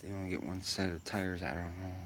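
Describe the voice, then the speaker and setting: A man's voice: low voice, little pitch movement, a little fast, a little hiss or hum. A man giving casual, rambling commentary while sim racing, musing aloud with lots of fillers.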